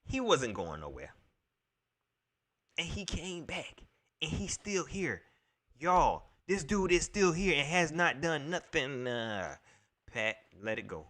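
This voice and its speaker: A man's voice: fairly high pitch, big pitch swings, slow pace, pauses often, pushed and bright. A man hosting a casual solo livestream, rambling and exasperated as he vents to his viewers and repeats his points. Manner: rambling, exasperated sports-fan venting to chat; addresses viewers directly, repeats himself. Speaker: livestream host.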